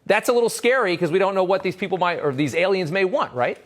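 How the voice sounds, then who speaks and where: A man presenting on television, posing a question to a guest quickly with slight hesitations. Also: high voice, lively intonation. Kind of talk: broadcast interview question.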